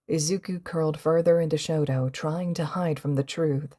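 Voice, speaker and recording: A woman narrating a fan fiction audiobook in a gentle, emotive reading voice. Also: low voice, fairly even intonation, moderate pace, hardly any pauses. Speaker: podfic reader.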